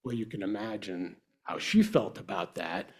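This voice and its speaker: A man telling a personal devotional story in a casual, halting way with frequent fillers. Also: on the low side, animated.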